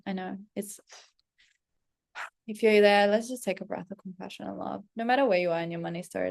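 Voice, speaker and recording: Profane, animated woman with vocal fry. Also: medium pitch. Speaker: self-development vlogger. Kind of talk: casual storytelling vlog.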